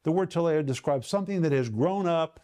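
A man gives a televised Bible teaching in a warm, mellow voice that sits slightly high. He is emphatic, slowing right down and leaning on key words to drive each point home. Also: animated. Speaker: Bible teacher and program host.

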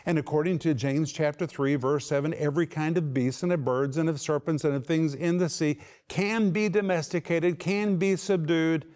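Middle-aged male preacher, fairly high voice, emphatic delivery that stretches out key words. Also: a little mellow, clear, resonant tone. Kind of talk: sermon.

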